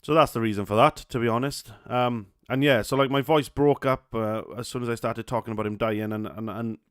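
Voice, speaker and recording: A man's voice: medium pitch, fairly even intonation, a little fast, smooth, no echo, studio quality. A young man with a Welsh accent hosting a solo podcast, talking casually with many fillers, restarts and swear words. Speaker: podcast host.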